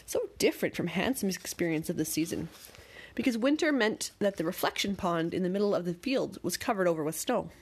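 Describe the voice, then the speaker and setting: Woman gently reading a bedtime story. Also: fairly low pitch, expressive, brisk, husky. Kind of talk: scripted bedtime-story narration.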